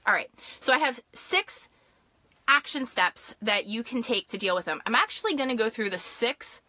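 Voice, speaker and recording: A young woman coach on a live stream, excited and fast-talking, with lots of fillers and quick asides to her viewers. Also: fairly high pitch, dry recording. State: hyped up. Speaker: life and business coach.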